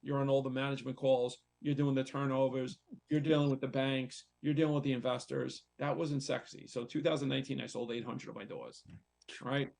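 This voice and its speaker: A man's voice: mid-range voice, level tone, brisk, vocal fry, a little mellow. A man, a real estate investor and coach, speaking candidly and conversationally on a talk show, repeating himself as he tells a personal story. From United States.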